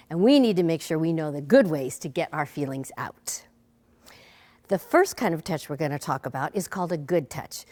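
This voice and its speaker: A woman teaching a preschool lesson, talking gently to a bear puppet and young children. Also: mid-range voice.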